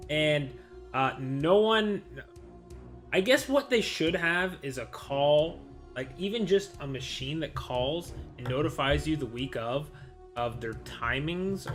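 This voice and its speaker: A man's voice: on the high side, a bit bright. Frustrated man ranting on his vlog. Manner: frustrated, rambling, lots of "I'm like" and restarts. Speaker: vlogger. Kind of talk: casual vlog rant.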